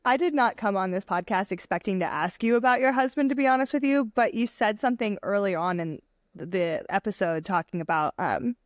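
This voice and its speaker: A woman hosting a podcast interview, talking in an expressive, casual way. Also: mid-range voice, fairly quick, dry recording, studio quality. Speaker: podcast host.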